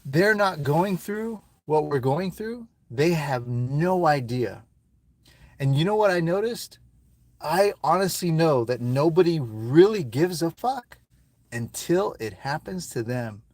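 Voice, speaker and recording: A man's voice: a little high, expressive, slow pace, darkish tone, no room sound. Rambling, emotional man swearing on a phone live stream. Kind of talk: casual live-stream talk to viewers.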